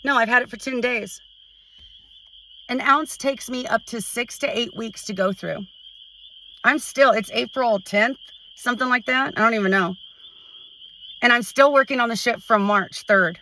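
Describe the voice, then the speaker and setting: A woman's voice: a little high, sharp tone, recorded from a distance, a little hiss or hum, low-quality recording. Frustrated woman venting to camera. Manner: frustrated, halting, with many restarts. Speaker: vlogger. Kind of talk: emotional personal vent to camera.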